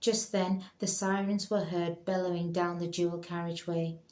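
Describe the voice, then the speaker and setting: A woman reading a story aloud in calm, measured narration. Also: lowish voice. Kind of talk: scripted narration. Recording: roomy echo.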